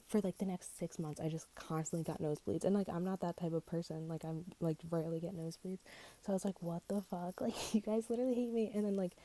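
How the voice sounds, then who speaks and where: A woman's voice: lowish voice, vocal fry, dark tone. A teenage woman from Connecticut rambling through a casual storytime rant on a headphone mic, swearing constantly and making fun of herself. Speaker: vlogger.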